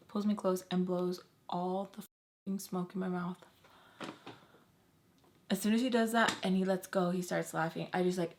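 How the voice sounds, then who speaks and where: A young woman telling a personal story in a casual storytime vlog, slangy and animated, acting out what others said. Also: medium pitch.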